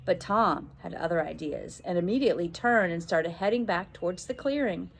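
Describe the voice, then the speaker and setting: A woman who teaches, reading a children's adventure story aloud in an expressive way and raising her voice for the children's shouted lines. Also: on the low side, moderate pace, creaky.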